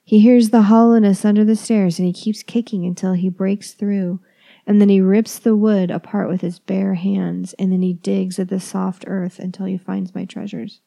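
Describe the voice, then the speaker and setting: A woman tells a first-person horror story in a calm, measured voice that sinks to a hush at times. Her tone is dark and mellow, with a gravelly edge. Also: medium pitch. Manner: calm, measured, dropping into whispers.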